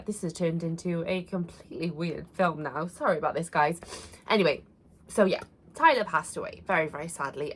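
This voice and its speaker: Woman telling a personal story. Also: fairly low pitch. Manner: earnest, conversational, with frequent fillers and restarts. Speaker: vlogger.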